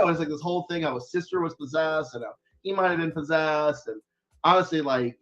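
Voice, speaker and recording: A man's voice: fairly high pitch, fast talker, a bit bright, lo-fi sound. A man, a guest author, chatting casually in an interview, rambling with lots of fillers and restarts.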